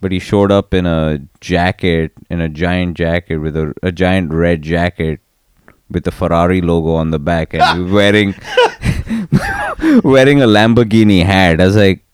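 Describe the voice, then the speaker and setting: A man's voice: sits low, fairly even intonation, normal speed, clear, resonant tone, dry recording, studio quality. A man in casual chat, telling a story with laughter and some swearing.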